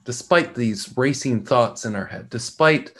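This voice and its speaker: A middle-aged podcast host leads a reflective talk in a medium-pitched voice. He speaks slowly and deliberately, pausing often and repeating words.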